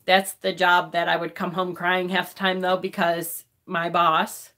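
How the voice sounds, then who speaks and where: A woman in her forties chats on a live stream, recorded on a phone, her voice lowish, bright and forceful with little pitch movement at a measured pace. She's emotional and crying, yet laughs and swears often.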